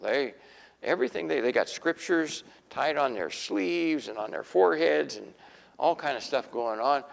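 A man's voice: medium pitch, gravelly, in a large hall. A man preaching a sermon in a folksy storytelling way, acting out the voices of the people in his stories.

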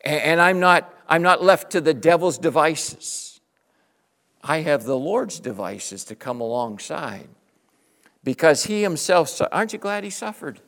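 A middle-aged male pastor preaching with passion, swinging between loud exclamations and hushed, tender passages. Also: fairly high pitch, animated, unhurried. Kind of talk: sermon.

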